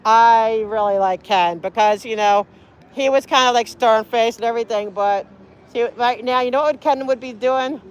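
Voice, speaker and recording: A woman's voice: a little high, moderate pace, smooth. A woman livestreaming outdoors on a city street, talking in an earnest, pleading, rambling way. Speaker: livestreaming auditor.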